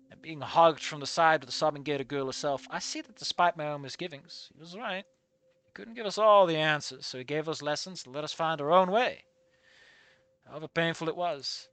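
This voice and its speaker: A man reading a first-person fan story aloud and breaking off to critique it, moving between hushed reading and loud, excitable remarks. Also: fairly high pitch, smooth. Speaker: fan fiction reader and critic.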